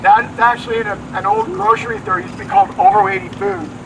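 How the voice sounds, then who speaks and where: A man's voice: very high voice, huge pitch swings, fast, creaky, recorded from a distance, noisy background. A middle-aged man leading a walking tour outdoors, telling anecdotes in a rambling way with many fillers and restarts. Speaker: tour guide. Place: outdoors on a town street.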